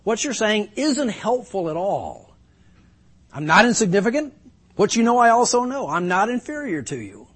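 A man reading aloud as a suffering man who cries out to his friends in a raised, husky, strained voice. He pleads and then bites back with sarcasm. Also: high-pitched, sing-song, moderate pace, a bit bright, pitched above the performer's own voice, full character voice. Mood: bitter.

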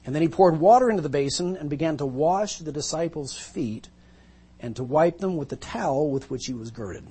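Husky-voiced preacher telling a Bible story. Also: male voice, on the high side, expressive, fairly quick, warm tone. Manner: vivid storytelling, emphatic, acts out quotes. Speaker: pastor. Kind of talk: sermon.

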